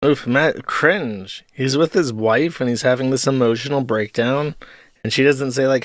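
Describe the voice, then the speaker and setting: A man's voice: medium pitch, normal speed, dry recording, studio quality. A man giving sarcastic, profane commentary over video clips as the host of an online show.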